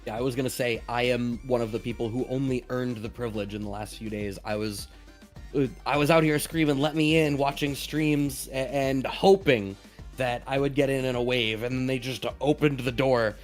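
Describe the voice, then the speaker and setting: A man commentating a fighting game tournament, quick and animated, now and then swearing casually. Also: medium pitch, soft background music. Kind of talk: esports play-by-play commentary.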